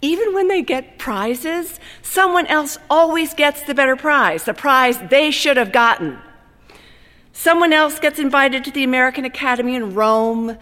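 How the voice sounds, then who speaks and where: Woman, wry deadpan storyteller, reading an essay aloud, highish voice, long hall reverb. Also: normal speed.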